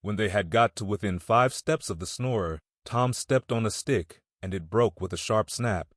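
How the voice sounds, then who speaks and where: Man, audiobook narrator, low voice, measured storytelling, dry close recording. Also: a bit bright, dry recording. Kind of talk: scripted narration.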